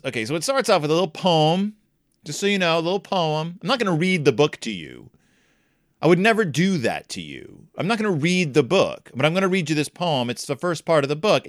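Animated, jokey man reviewing a book. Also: on the high side, no room sound, studio quality. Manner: animated and jokey, with wry asides.

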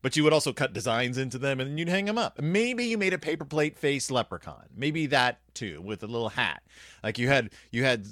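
Wry, rambling man with lively pitch. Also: no room sound, studio quality. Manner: rambling, wry, self-deprecating humor. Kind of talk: casual storytelling monologue.

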